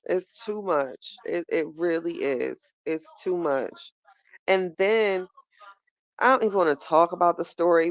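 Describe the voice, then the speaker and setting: A woman's voice: fairly low pitch, no echo, lo-fi sound. Chatty woman host talking to her chat. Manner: animated, repeats phrases, talks straight to chat. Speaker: livestream podcast host. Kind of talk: casual livestream chat with viewers.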